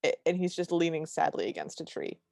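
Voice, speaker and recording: A woman's voice: lowish voice, flat delivery, fairly quick, vocal fry, warm tone, dry recording, studio quality. A woman co-hosting a casual podcast, recapping a film in a chatty, enthusiastic way. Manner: chatty and enthusiastic, with lots of fillers and restarts. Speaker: podcast co-host.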